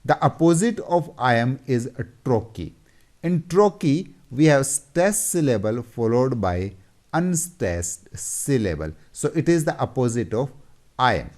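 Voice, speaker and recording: A man teaching a lesson, explaining slowly and deliberately, repeating terms and pointing at examples on a board. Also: mid-range voice, big pitch swings, a little mellow. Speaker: English teacher.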